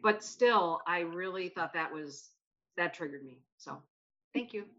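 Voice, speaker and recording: A middle-aged American woman co-hosting a podcast, talking in an emphatic, animated way and often cutting herself off. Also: fairly low pitch, a little slow. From United States. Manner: emphatic and animated, self-interrupting. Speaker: podcast co-host. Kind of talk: casual discussion. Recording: slightly muffled lo-fi mic.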